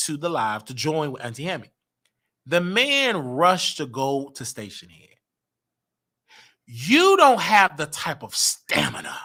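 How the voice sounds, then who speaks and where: A male show host rants on a livestream, boastful and repetitive. His voice sits high and swings widely, bright and forceful. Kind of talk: casual livestream rant.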